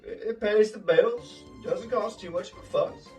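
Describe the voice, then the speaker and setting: A man playing a folksy forty-two-year-old bowling alley manager on a game show, slow and hesitant in his speech. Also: high-pitched, darkish tone, recorded from a distance, soft background music. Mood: plaintive. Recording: voice from away from the mic.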